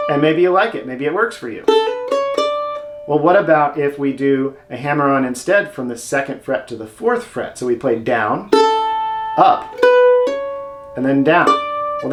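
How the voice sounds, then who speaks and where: A male mandolin teacher walks through picking options in a friendly, step-by-step way, tossing in playful asides. His voice sits in a roomy, echoing space, and loud mandolin playing rings out around his talk. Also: on the high side, expressive, moderate pace, over loud music. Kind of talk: instructional video lesson.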